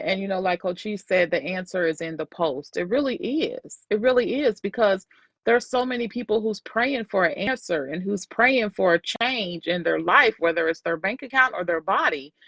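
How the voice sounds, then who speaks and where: A woman's voice: mid-range voice, a bit bright, no room sound. Woman host, sales coach, motivational faith talk, emphatic, preachy, dry, dull lo-fi audio. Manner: emphatic, preachy, repeats lines for effect.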